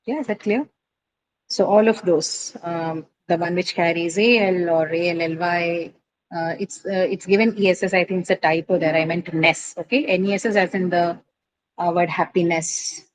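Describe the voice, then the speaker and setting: A woman teacher giving a classroom lecture, explaining step by step and often checking understanding with quick "right?" and "okay?" questions. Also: on the low side, fairly even intonation, a little hiss or hum, low-quality recording. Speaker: English teacher. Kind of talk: classroom lecture on word stress.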